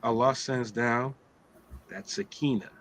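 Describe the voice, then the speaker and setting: A man's voice: medium pitch, steady tone, measured pace, poor audio. A middle-aged man hosting a casual religious talk, streetwise and joking, often asking "right?". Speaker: host of an Islamic talk show.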